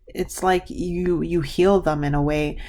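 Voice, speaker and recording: Low-pitched lady doing a card reading, rambly, lots of restarts. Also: fairly even intonation, a little slow, mellow. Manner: gushing, emotional, rambling with many restarts. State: tearful. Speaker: tarot card reader. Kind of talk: pick-a-card reading to camera.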